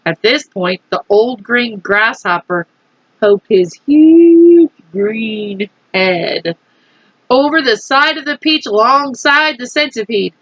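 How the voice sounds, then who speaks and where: A woman's voice: on the high side, expressive, takes it slowly, husky, no room sound, lo-fi sound. A woman teacher reading a storybook aloud to children, with chatty asides to her young listeners. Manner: chatty, friendly asides to kids.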